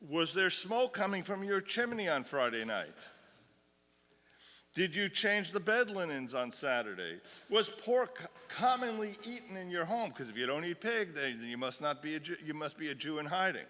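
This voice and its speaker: A man's voice: fairly high pitch, big pitch swings, normal speed, bright, forceful tone. Man lecturing in a reverberant hall. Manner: earnest, reads with rising intensity. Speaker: cantor teaching an adult class. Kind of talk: lecture with dramatic reading aloud. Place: synagogue hall. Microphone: fixed microphone he cannot leave.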